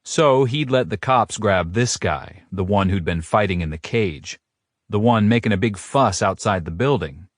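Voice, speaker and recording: A man narrating a romance audiobook in a steady, first-person storytelling manner. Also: fairly low pitch, normal speed, dry recording, clean studio sound.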